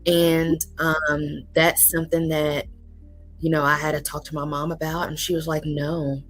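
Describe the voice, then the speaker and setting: A woman's voice: low-pitched, flat delivery, moderate pace, low-quality recording. A woman therapist as a guest, speaking earnestly and encouragingly with frequent ums. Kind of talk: casual interview talk. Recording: faint music underneath.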